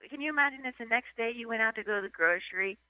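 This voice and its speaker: A woman's voice: a little high, rapid-fire, dry recording, narrow, tinny audio. A woman hosting a casual radio chat, rambling with lots of "like" and acting out little scenes. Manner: rambling, heavy "like", acts out voices. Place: San Francisco.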